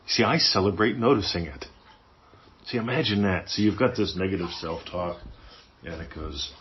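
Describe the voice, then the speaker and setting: A man's voice: sits low, animated, moderate pace, creaky. A man hosting a podcast, teaching in a casual, playful way and acting out little inner voices. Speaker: podcast host. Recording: dull lo-fi sound.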